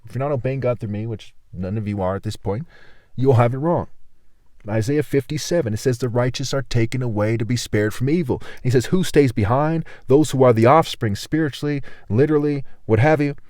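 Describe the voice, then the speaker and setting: A man's voice: medium pitch, brisk, darkish tone, dry recording. Guy reading verses then going off on long rambly tangents, keeps saying right?, dry close sound. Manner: keeps tagging sentences with "right?"; rambling, repeats words and restarts. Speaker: self-styled religious teacher. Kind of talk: scripture reading with rambling commentary.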